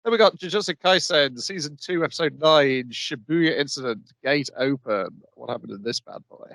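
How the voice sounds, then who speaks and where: A man co-hosting a podcast in casual chat, calmly reading out episode summaries. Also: on the high side, moderate pace, vocal fry, no echo. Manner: laid-back, reads episode summaries aloud. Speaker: podcast co-host.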